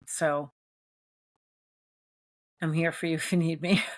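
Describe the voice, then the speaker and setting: A woman hosting a solo podcast, talking candidly and gently encouraging listeners, with frequent restarts and soft laughs. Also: low-pitched, flat delivery, slow. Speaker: podcast host. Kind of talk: solo reflective podcast talk.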